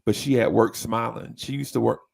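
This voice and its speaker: A man telling a story in casual chat, animated and often breaking into high voices to mimic people. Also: fairly quick, creaky, breathy edge. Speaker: podcast co-host.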